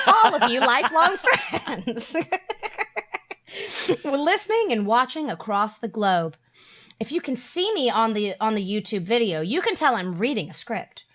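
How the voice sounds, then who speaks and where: A woman's voice: fairly high pitch, fairly bright tone. A woman co-hosting a comedic podcast, playful and silly, breaking into sung bits and goofy voices. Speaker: podcast co-host. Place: indoor room.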